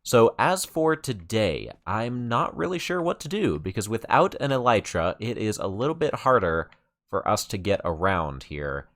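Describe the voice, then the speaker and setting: A man with a fairly low voice gives casual let's-play commentary, rambling and padding his talk with fillers and restarts. He gets excited easily as he shows things off. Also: normal speed. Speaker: gaming channel host.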